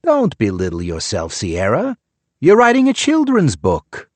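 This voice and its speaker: A man's voice: medium pitch, wildly swooping pitch, unhurried, darkish tone, dry recording, pitched above the performer's own voice. A male audiobook narrator playing a shrunken, smug elderly lawyer who boasts about his young wife. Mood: boastful. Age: older.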